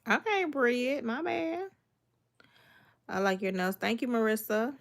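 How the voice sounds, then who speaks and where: Slightly high and creaky, her voice moves at a measured pace. She's a young cooking livestreamer from Miami, Florida, chatting casually while reading comments and naming viewers as she greets them, with laid-back sass.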